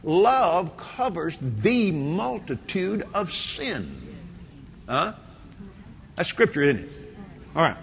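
Man, preacher, sermon, high voice, swooping intonation, unhurried, bright, slightly husky. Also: wildly swooping pitch. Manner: acts out dialogues, stretches key words, builds to shouting. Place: church before a responding congregation.

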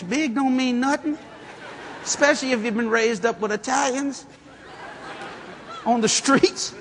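A man preaching a sermon through a story, acting out the people in it and working up to loud shouts. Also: extremely high pitch, breathy edge. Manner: animated, acts out the people in his stories, climbs to shouting.

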